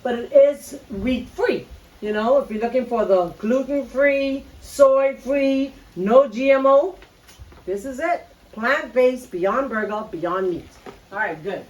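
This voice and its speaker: A woman's voice: a little high, takes it slowly, distant mic, lo-fi sound. Chatty Bahamian woman cooking at home. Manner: chatty, lively, talks straight to viewers. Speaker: cooking show host. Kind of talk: casual cooking chat. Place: home kitchen. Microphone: phone camera.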